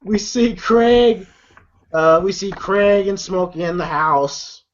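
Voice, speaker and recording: A high-pitched man talks through a movie scene by scene, cussing freely and laughing along with his friends. The recording is dull and lo-fi, with the top end muffled. His delivery is loose and chatty. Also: takes it slowly, slight background noise. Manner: loose, profane, laughs often and retells scenes. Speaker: movie reviewer. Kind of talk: casual movie recap among friends.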